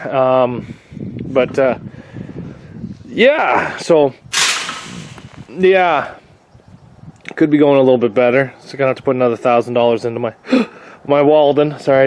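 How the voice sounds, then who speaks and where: A man's voice: fairly high pitch, a little hiss or hum. A man vlogging casually from his workshop, frustrated with a machine, rambling and restarting as he explains his repairs. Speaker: vlogger, shop owner.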